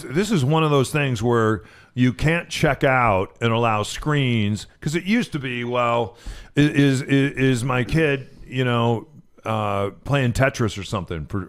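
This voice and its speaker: Co-hosting a casual, talk-radio-style show from a studio, a man with a medium-pitched, clear, resonant voice rambles, frequently stopping and starting his sentences over.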